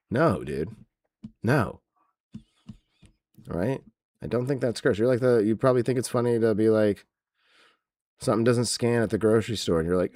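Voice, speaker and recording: A man's voice: lowish voice, animated, moderate pace, long pauses, darkish tone, no echo, studio quality. A man hosting a podcast, recapping in a casual, mocking, profane, rambling way. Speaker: podcast host. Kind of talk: casual comedic wrestling recap.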